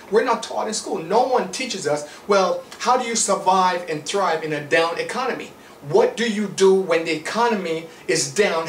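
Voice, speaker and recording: A man's voice: fairly high pitch, fairly bright tone, distant mic, a little hiss or hum. A man with a Jamaican accent giving an emphatic, preachy motivational lecture, driving points home with rhetorical questions. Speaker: motivational speaker. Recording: roomy sound from away from the mic.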